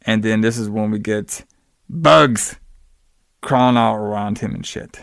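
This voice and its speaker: A man's voice: on the low side, measured pace, creaky, fairly bright tone, clear, resonant tone, dry recording, studio quality. A man hosting a podcast, recapping a horror movie in casual, rambling, slangy chat and acting out quotes in exaggerated voices. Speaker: podcast host.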